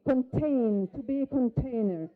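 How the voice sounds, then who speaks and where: In a conference hall, a workshop facilitator whose native language is Hebrew runs a live demonstration, coaching a volunteer through brief instructions and questions. Her voice sits on the high side and moves a little slowly. The audio is narrow and tinny.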